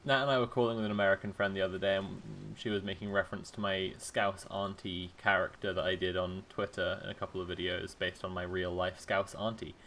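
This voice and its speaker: A man's voice: deep voice, flat delivery, a bit bright, a little hiss or hum. A man with an English accent chatting wryly and sardonically on a live game stream. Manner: wry, quick, sardonic.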